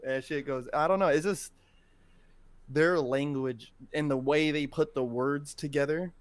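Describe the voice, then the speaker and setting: A young man hosting a podcast, chatting casually in a relaxed, slangy way with laughs. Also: a little high, a little slow, smooth, no room sound. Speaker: podcast host.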